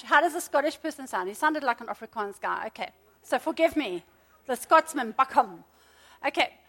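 A middle-aged woman preaching a sermon, lively and conversational, with asides to the congregation. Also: high voice.

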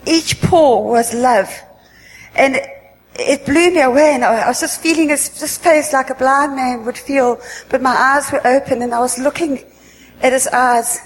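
A woman giving an earnest spoken religious testimony at a worship meeting, halting and often repeating herself. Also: sits high. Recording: echoey hall with long reverb, faint ambience.

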